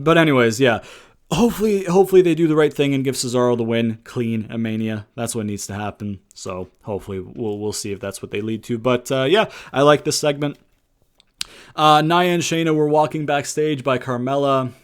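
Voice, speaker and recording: A young man talks through a wrestling show in a loose, unscripted rant. His voice sits at an ordinary middle pitch, and he keeps jumping from loud, fired-up outbursts to low, grumbled asides, with plenty of swearing along the way. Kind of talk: casual rant review.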